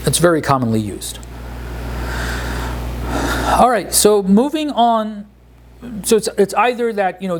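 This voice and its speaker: A man teaching a relaxed lesson on Quranic Arabic grammar, explaining word by word with frequent pauses and restarts. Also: on the high side. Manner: explanatory, hesitant, many fillers and restarts.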